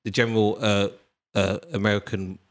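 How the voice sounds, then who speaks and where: Male host, lowish voice, loose sweary banter with lots of ums. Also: level tone, normal speed. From Britain. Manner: rambling, sweary, many ums. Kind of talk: casual chat.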